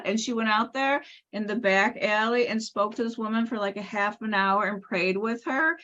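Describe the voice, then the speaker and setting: A woman's voice: a little high, moderate pace, lo-fi sound. A middle-aged woman, a salon spa owner and author, telling stories in an interview and acting out the voices of the people in them. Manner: lively, acts out quoted voices. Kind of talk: animated storytelling in a podcast interview.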